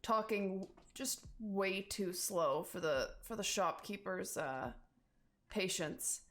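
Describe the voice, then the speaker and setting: A woman's voice: medium pitch, takes it slowly, a bit bright. A woman narrating a tabletop game as game master in a casual, filler-heavy way. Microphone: streaming mic.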